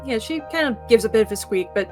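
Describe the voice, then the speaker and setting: Woman player, lively pitch, excitable, music clear behind. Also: fast. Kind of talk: playing a tabletop game.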